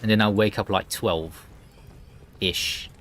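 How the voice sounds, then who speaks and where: A man's voice: on the low side, steady tone, slow pace, a bit bright, slight background noise. A man chatting casually and joking while streaming a co-op game. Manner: joking, chatty, laughs easily. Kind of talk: casual gameplay chat.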